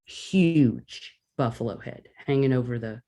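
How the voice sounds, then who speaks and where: Woman guest, casual storyteller, animated, plays out her reactions. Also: extremely low pitch, unhurried.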